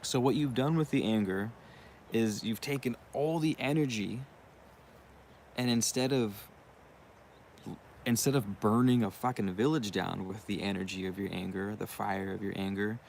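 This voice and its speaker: A man's voice: lowish voice, moderate pace, gravelly, darkish tone, a little hiss or hum. A young man hosting his own channel, talking in a rambling, casual monologue with frequent swearing and asides. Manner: profane, rambling, uses you know what I mean often. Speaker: channel host.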